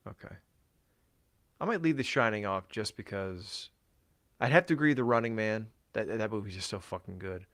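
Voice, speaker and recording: A man's voice: fairly low pitch, moderate pace, a bit bright. Rambling, profane man on a podcast. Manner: rambling, profane, lots of fillers. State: voice tired from talking all day. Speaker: podcast co-host. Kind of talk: casual podcast chat.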